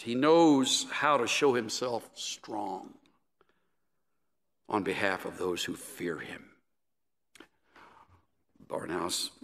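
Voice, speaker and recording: A male pastor preaching a sermon in a measured, emphatic way. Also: fairly low pitch, a bit bright. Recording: echoey hall with long reverb.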